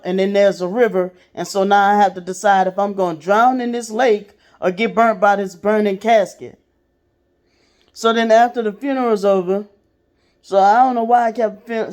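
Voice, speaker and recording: A woman's voice: medium pitch, a little mellow. A woman casually telling a personal story to her viewers, in a blunt, profane way. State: sick. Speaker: vlogger.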